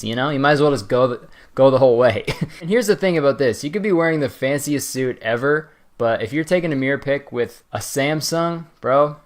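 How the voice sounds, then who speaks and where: Young man rambling through comedic roasts. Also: medium pitch. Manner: rambling, swearing, frequent laughs and voice jumps. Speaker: commentary host. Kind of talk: casual comedic roast commentary.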